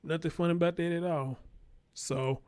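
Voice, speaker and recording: A man's voice: a little high, fairly even intonation, moderate pace, a little mellow. Blunt, profane man commenting. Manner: blunt, profane, repeats himself for emphasis. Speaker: commentary show host. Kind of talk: unscripted commentary monologue.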